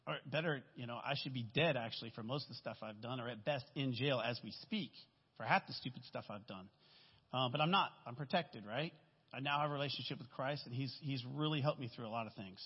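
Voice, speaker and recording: Speaking at a quick clip in a husky, mid-range voice, this guest speaker gives a candid, meandering testimony sermon, frequently asking "right?". He's in a church sanctuary, captured on a dull recording with a long hall reverb tail.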